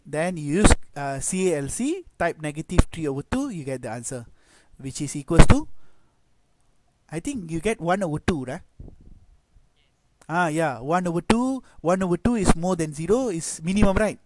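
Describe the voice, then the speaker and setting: A man with a Malaysian accent teaching a math class, mixing English and Malay and saying "okay" and "lah" often. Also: fairly high pitch. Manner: code-switches between English and Malay, frequent "okay" and "lah". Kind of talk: online class lecture. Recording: loud background noise with clicks.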